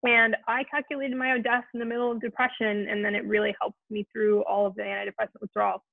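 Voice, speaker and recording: Gentle woman on a tinny call line. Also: mid-range voice, level tone, fast talker, vocal fry, dry recording. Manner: gentle, earnest, many restarts. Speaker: host of a support Q&A. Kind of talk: casual heartfelt talk to an online group. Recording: tinny phone-like line, very dry.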